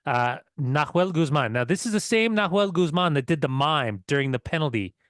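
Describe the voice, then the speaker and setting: A man co-hosting a casual football podcast, telling excited, swearing stories with laughs. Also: a little high, normal speed, no room sound, studio quality. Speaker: podcast co-host.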